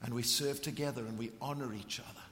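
A middle-aged man from Africa, preaching a passionate sermon that swings from ringing emphasis to hushed intensity. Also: medium pitch, fairly even intonation, fast talker. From South Africa. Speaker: visiting preacher. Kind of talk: sermon with storytelling. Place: church hall. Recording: long reverb of a large hall.

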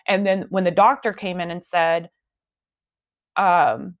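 A woman, hosting a podcast and telling a personal story in an animated, emphatic way. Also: fairly low pitch, takes it slowly, pauses often. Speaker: podcast host. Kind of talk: casual storytelling.

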